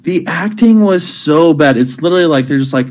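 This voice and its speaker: A man's voice: on the high side, animated, a little fast, darkish tone, dull audio. A man co-hosting a casual podcast, rambling about shows he watched, laughing often and swearing casually. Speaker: podcast co-host. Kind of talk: casual chat among friends.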